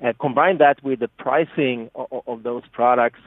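A man's voice: medium pitch, moderate pace, dry recording. A man with a Swedish accent, a product marketing guest, explaining earnestly with many restarts and fillers. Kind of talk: explanatory interview answers. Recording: tinny phone-like line, dry.

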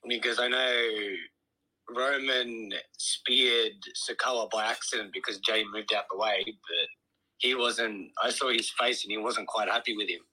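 A man from Australia, calling into a podcast and chatting in a soft-spoken, hesitant way. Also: on the low side, fairly even intonation, measured pace, slightly rough, poor audio. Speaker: caller. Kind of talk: casual call-in chat.

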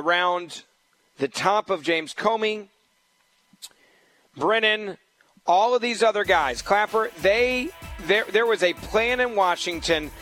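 The speaker is a man filling in on political talk radio, pressing his points again and again in a combative, emphatic monologue. His voice is high-pitched and a bit bright, captured on a rough recording with no room sound.

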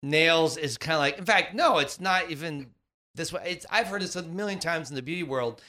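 A man's voice: a little high, normal speed. A middle-aged man co-hosting a podcast with his wife, telling stories in casual chat and acting out the voices of the people in them. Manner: animated storyteller, acts out quoted voices. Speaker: podcast co-host.

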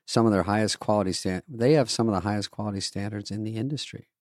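A man's voice: fairly low pitch, fast talker, a little mellow, no room sound. A man co-hosting a podcast, telling anecdotes wryly, sarcastically imitating the people he quotes, and reading ads. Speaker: podcast co-host. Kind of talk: casual chat and host-read ad. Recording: dry close mic.

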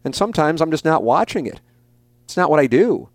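A man's voice: a little high, animated, a little fast, dry recording. A man in his forties hosting a podcast, answering listener questions in a blunt, emphatic and profane way, often repeating his points. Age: 40s. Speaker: podcast host.

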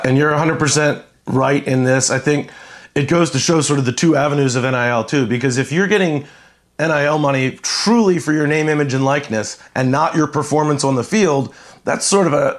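A man talking through college sports business in a measured, explanatory way, with frequent fillers and restarts. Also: mid-range voice. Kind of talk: conversational sports talk.

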